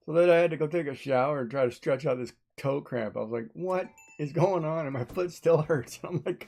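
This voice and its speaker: A woman streamer with a low, dark voice and vocal fry talks briskly, barely pausing. She chats casually while playing a game, telling stories and laughing often.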